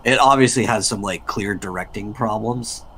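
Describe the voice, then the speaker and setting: A man's voice: on the low side, normal speed, pushed and bright, slight background noise. A man co-hosting a casual livestream, giving easygoing, thoughtful opinions about comic films while doing art corrections. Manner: easygoing, thoughtful, uses fillers. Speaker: livestream co-host.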